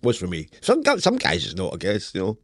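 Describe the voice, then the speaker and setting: A man's voice: low-pitched, huge pitch swings, fairly quick, fairly bright tone, dry recording. A Scottish man in middle age, a novelist answering interview questions in a dry, wry, understated way. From Scotland. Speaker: guest novelist.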